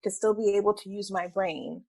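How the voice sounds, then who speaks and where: A woman's voice: medium pitch, normal speed, darkish tone, poor audio. A woman appearing as an interview guest, an entrepreneur telling her story in an open, earnest way. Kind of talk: conversational interview.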